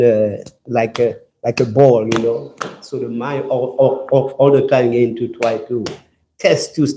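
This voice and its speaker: A man with a French accent giving a scripture class in halting English, often repeating words and searching for phrases. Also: medium pitch, dark tone. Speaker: class speaker.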